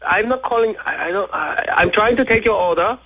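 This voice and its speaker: Prank-call bit: a man playing a high-voiced restaurant owner, broken English, touchy and fast. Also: expressive, slightly rough, full character voice, poor audio. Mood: confused, offended. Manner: broken English, quick to take offense, shouts back. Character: flustered male Korean restaurant owner, easily offended.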